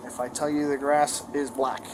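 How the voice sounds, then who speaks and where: A policewoman with a low voice asks questions in a firm, deliberate way. She slows right down with her questions. Steady background noise hangs under the bodycam audio. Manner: firm, slow and measured with a child. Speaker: police officer.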